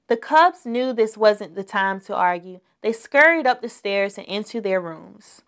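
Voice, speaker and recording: A woman reading a children's picture book aloud as storyteller, gentle and clear. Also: mid-range voice, animated, a little slow, few pauses.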